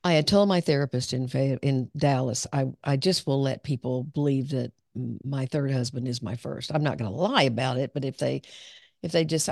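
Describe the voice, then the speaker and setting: A woman clinical psychologist, appearing as a podcast guest, openly and reflectively tells her own story, laughing often. Her very deep, gravelly voice has a darkish tone and runs a little fast. The studio-quality audio has no room sound.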